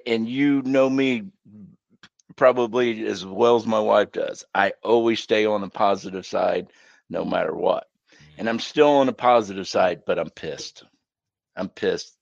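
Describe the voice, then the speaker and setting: A man's voice: medium pitch, fairly even intonation, moderate pace, gravelly, no room sound, dull audio. Blunt, swearing podcast co-host man. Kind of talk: casual chat. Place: home. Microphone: headset.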